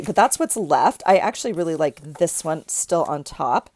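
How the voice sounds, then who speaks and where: A woman's voice: sits low, lively intonation, a little slow, darkish tone, no room sound. A middle-aged woman with a stuffy nose from crying, chatting casually through a craft tutorial, rambling with frequent restarts. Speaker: crafting vlogger.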